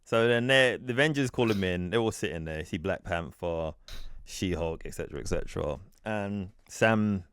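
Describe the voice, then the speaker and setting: A man's voice: deep voice, moderate pace, a bit bright, clear, resonant tone, dry recording, clean studio sound. A man co-hosting a podcast, casually recapping a comic storyline in a rambling, self-correcting way and muttering the characters' quotes. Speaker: podcast co-host.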